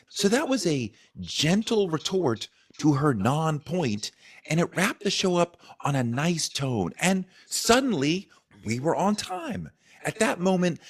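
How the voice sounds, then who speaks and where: Man telling it in a lively, measured way. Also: fairly high pitch. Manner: measured, explanatory storytelling. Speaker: TV talk show host. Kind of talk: explanatory video commentary.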